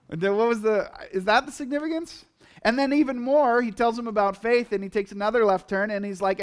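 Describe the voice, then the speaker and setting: A man with a fairly high voice preaches a sermon in an easy, talky way. He keeps it lively by acting out the listeners' reactions and quoted lines as he goes. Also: a little fast, clear, resonant tone. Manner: conversational, animated, acts out quotes in asides. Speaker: pastor.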